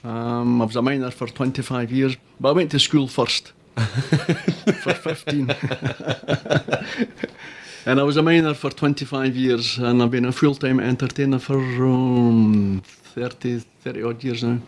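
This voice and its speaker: A man's voice: mid-range voice, fairly even intonation, moderate pace, hardly any pauses. An older man with a Scottish accent, a comedian guest chatting on local radio with dry jokes. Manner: joking, dry banter. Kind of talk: casual radio interview.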